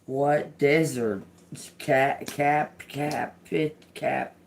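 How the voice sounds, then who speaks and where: A man hosting a live psychic reading, slowly and haltingly repeating single words aloud as he interprets them. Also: fairly high pitch, fairly even intonation, creaky, slight background noise. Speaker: livestream psychic reader. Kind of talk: live spirit-box and card reading.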